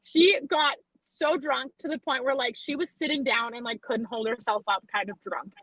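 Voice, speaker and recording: A young woman from Alberta chats on a podcast, spinning loose, swear-filled stories. Her voice sits high and bright, recorded close and dry with no room sound. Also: normal speed, husky, no echo, low-quality recording. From Alberta, Canada. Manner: chatty, profane, animated storyteller. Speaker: podcast guest, western photographer. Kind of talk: casual chat, storytelling.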